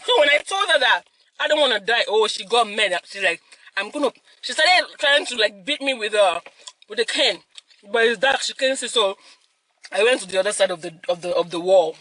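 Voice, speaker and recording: Animated young woman telling a story. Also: fairly high pitch, brisk, low-quality recording. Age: young adult. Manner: animated, laughing, mixes in Yoruba phrases. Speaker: mukbang host. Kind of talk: casual storytelling while eating.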